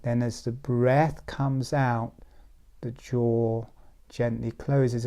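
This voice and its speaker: Man, meditation teacher, guided breathing, slow, mellow tone. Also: medium pitch. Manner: slow, soothing step-by-step instructions.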